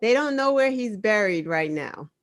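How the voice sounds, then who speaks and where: A woman with a Boston accent co-hosting an online news talk show, animated and laughing often. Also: mid-range voice, normal speed. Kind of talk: casual chat.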